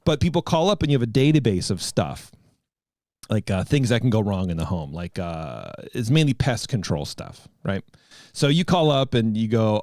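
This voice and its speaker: A man's voice: fairly low pitch, big pitch swings, normal speed, darkish tone, no room sound, clean studio sound. A man in his thirties hosting a podcast, telling a rambling story in casual chat. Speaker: podcast host.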